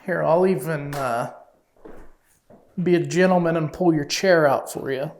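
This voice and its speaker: A man's voice: fairly high pitch, unhurried, a little hiss or hum. Man politely coaxing a spirit. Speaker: paranormal investigator. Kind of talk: ghost-hunting session talk. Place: inside an old house, in an office.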